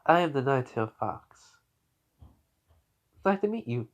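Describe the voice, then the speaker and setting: A young man putting on a proud female fox demon in human guise. Her voice is soft and held back, with a steady calm. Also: mid-range voice, a little slow, highs cut off.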